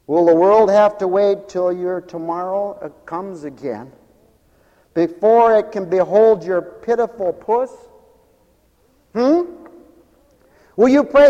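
A man's voice: sits high, unhurried, long pauses, dark tone, long reverb tail, rough recording. A man delivering a humorous radio sermon, scolding and theatrical, playfully mocking his listeners. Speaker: radio preacher.

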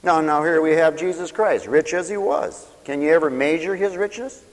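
A man's voice: a little high, moderate pace, big-room sound, low-quality recording. A man preaching a sermon in a folksy, sarcastic way, mocking others by imitating their voices.

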